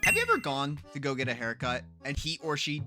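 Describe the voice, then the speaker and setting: A young man doing casual gaming commentary on a call, stumbling over restarts and slowing down to tell spooky stories. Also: medium pitch, huge pitch swings, over music. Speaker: gaming YouTuber.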